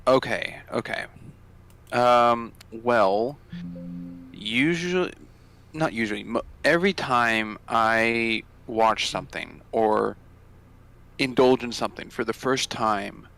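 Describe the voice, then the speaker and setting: A man's voice: medium pitch, takes it slowly, gravelly, a bit bright. A man co-hosting a podcast, explaining how he rates films in a rambling way, often searching for words. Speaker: podcast co-host. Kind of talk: casual podcast chat.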